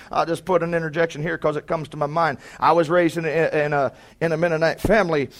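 A man preaching a sermon, swinging from loud, fervent exhortation to quiet, conversational storytelling and calling to the congregation for amens. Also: a little high, little pitch movement, fast, few pauses.

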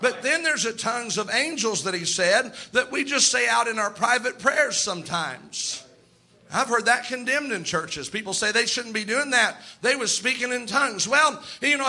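A man preaching a fervent sermon, impassioned and emphatic, now and then bursting into shouts. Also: extremely high pitch, moderate pace, gravelly.

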